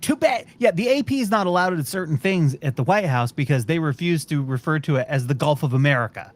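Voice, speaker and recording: A man's voice: a little high, lively intonation, quick pace. A man hosting a podcast, ranting in a profane, exasperated way during casual chat. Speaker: podcast host.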